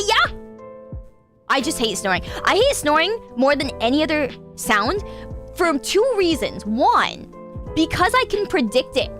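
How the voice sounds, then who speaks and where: Woman streamer host, high animated voice, candid storyteller who swears, soft music behind. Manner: animated, laughing, swearing freely. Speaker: radio show host, VTuber. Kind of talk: casual chat storytelling.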